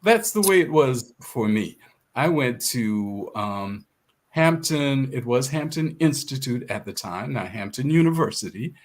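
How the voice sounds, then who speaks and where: An older man from the South Carolina Sea Islands reflects aloud as an interview guest. His delivery is unhurried and measured, with small restarts. His voice moves through a wide, lively melodic range. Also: mid-range voice. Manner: measured, thoughtful, with hesitant restarts. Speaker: guest author.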